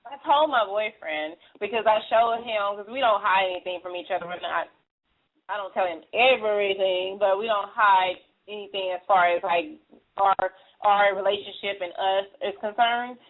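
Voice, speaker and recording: A woman's voice: mid-range voice, normal speed. Talk show host, woman, chatty and laughing, phone-quality sound. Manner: chatty, laughs often, acts out quotes. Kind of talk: casual chat. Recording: phone-like lo-fi audio.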